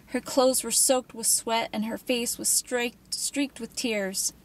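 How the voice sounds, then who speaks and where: Woman reading aloud, slow pace, higher voice, casual asides to listeners. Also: steady tone. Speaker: reader.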